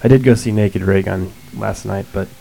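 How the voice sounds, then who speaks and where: Gravelly, hesitant male co-host. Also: low-pitched, steady tone, moderate pace, faint music behind, rough recording. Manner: hesitant, trailing off softly. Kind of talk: casual interview talk.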